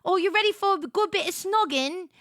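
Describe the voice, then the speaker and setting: A woman's voice: very high-pitched, fairly quick, fairly bright tone, dry recording, studio quality, pitched above the performer's own voice. A woman putting on an exaggerated mock-British voice as a cheeky young woman, sing-song and giggly, in a joking livestream impression.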